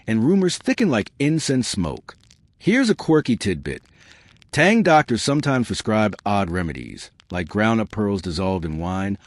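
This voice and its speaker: A man with a low voice narrates a history story meant to lull the listener to sleep. His delivery is calm and soothing, yet his pitch moves in lively curves. The sound is close and dry, with no room around it. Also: no room sound. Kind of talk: slow bedtime history narration.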